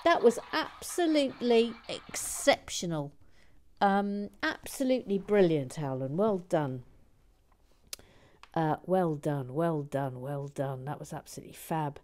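A woman hosting a livestream, chatting gently as she reads out viewer comments. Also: deep voice, expressive, measured pace. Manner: gentle, warm-hearted and chatty. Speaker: livestream host building a brick set. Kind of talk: casual chat reading viewer comments.

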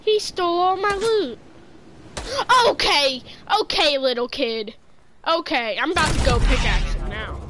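A woman with a high, lively voice that swoops up and down, talking slowly through a game and teasing the opponent she is beating. Her casual commentary sits over loud background noise and gunfire. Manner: playful trash-talking. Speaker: gamer.

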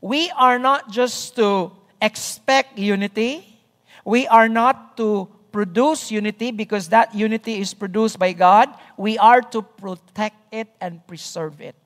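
A pastor delivers a sermon at an unhurried, measured pace. He stresses key phrases by repeating them and keeps checking in with the congregation. His voice carries a long reverb from a big church sanctuary. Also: medium pitch, fairly bright tone.

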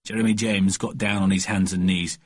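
A man narrating a children's storybook audiobook with a lively, expressive reading. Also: low-pitched, fairly quick, no room sound, studio quality.

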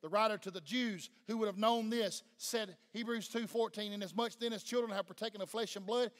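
A man's voice: high voice, steady tone, fairly quick, fairly bright tone. A man with a Southern US accent preaching a sermon fervently, pressing the congregation with questions. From Tennessee. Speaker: pastor. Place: church sanctuary. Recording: long church-hall reverb.

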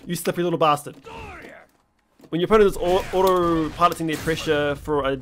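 A young man streaming a fighting game, giving excitable live commentary, swearing and shouting at the screen. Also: a little high, brisk, slight background noise.

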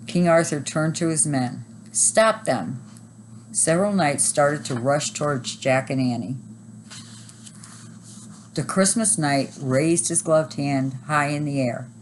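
A woman teacher reading a chapter book aloud at a steady, even pace. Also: deep voice, unhurried, slight background noise, poor audio.

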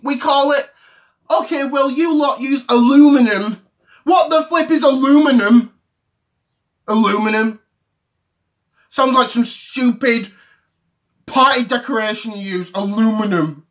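A man's voice: very high voice, a little slow, a bit bright. A man in his thirties with an English accent, playing a touchy football fan who rants to camera in a comedy sketch, indignant and repetitive. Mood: ranting. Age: 30s.

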